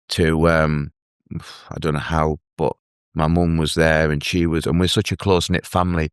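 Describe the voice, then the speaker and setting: An earnest man telling his own story as a guest in an interview, halting and restarting as he speaks. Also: low-pitched, smooth, dry recording, studio quality. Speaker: guest, mental health advocate. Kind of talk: emotional personal story in an interview.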